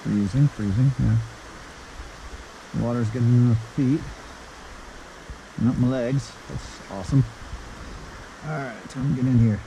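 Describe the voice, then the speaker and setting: A man's voice: mid-range voice, a little slow, long pauses, dark tone, low-quality recording. A man filming himself on a head-mounted action camera outdoors at a stream, cold and wet, joking at his own expense as he gets ready to snorkel fish. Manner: joking, self-deprecating. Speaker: angler and video host. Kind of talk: casual self-filmed commentary. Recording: clear stream noise behind.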